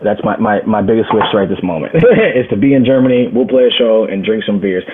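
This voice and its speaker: A man's voice: on the low side, animated, a little fast, noisy background. An American man, a musician guest in a casual interview, rambling and laughing with many restarts, heard over a video call. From United States. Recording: tinny phone-like line.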